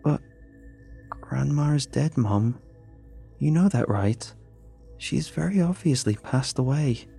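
A man voicing a frightened young woman who pleads and shouts in desperation. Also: medium pitch, animated, slow pace, creaky, long pauses, breathy edge, faint music behind, pitched above the performer's own voice, exaggerated voice. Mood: insistent.

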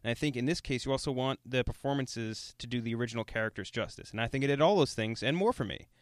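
Fast-talking brash young man. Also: mid-range voice, no echo, clean studio sound. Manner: brash, profane, argumentative. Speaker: podcast co-host. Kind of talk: casual podcast chat.

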